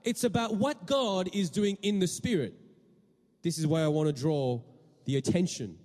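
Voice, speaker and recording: High-voiced preacher man in a reverberant hall. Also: normal speed, a little mellow. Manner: questioning the congregation, repeating words. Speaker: pastor. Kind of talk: sermon.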